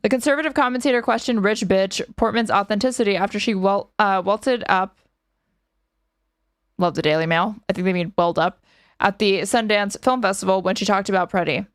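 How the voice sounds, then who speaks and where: A woman hosting a stream, reading news aloud and breaking in with sarcastic remarks. Her voice is smooth and resonant. The sound is dry and close, with little room around it. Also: mid-range voice, brisk, no room sound. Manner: sarcastic, reads articles aloud with asides. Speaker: streamer reacting to news clips. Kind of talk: casual commentary over clips.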